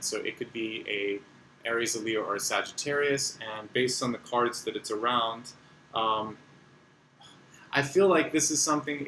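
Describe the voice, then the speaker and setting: Male tarot reader, relaxed and reassuring, slight room echo and faint hiss. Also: medium pitch. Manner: conversational, reassuring, many fillers. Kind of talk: unscripted monthly tarot reading.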